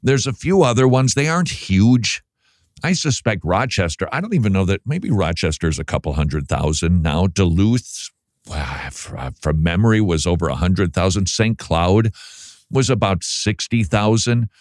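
A man's voice: low-pitched, lively intonation, normal speed, no room sound, clean studio sound. A man with a Minnesota accent hosting a radio show, talking casually and rambling as he loses his train of thought. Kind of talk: casual talk radio monologue.

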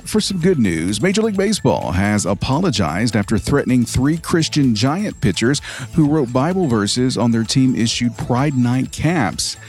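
A man's voice: medium pitch, darkish tone. Man, news anchor, scripted read, sardonic asides, faint music underneath.

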